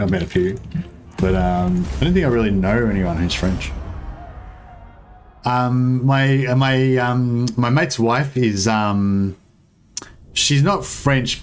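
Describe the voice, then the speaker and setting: A young man casually commentating a strategy game as he plays, rambling, joking with his viewers and swearing now and then. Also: mid-range voice. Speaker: gaming streamer. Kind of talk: casual let's-play commentary.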